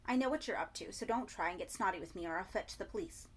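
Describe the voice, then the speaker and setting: A woman's voice: mid-range voice, fast, husky, lightly acted. Woman doing a sneering fake-posh receptionist man. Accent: London put-on. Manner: clipped, sneering, slipping into cockney. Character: snide male hotel receptionist, fake posh.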